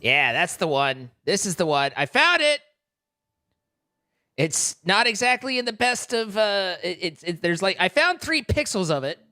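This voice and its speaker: A man's voice: high voice, sing-song, unhurried, pushed and bright, no echo, soft background music. A man streaming, chatting casually in a rambling, self-correcting way and laughing easily. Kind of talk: casual live-stream chat.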